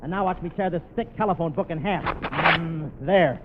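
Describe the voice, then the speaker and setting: A man doing quick-fire comic bits in a 1940s radio comedy, heard on a scratchy old broadcast with a live audience. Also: a little high, narrow, tinny audio. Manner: wisecracking, quick comic delivery. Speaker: comedian host. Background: live audience laughing.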